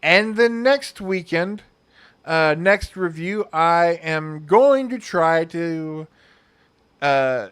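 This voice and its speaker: Young man, movie review host, unhurried delivery, smooth clear voice, sarcastic, rambling. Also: a little high, a bit bright. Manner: sarcastic, rambling with many fillers. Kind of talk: casual spoken review.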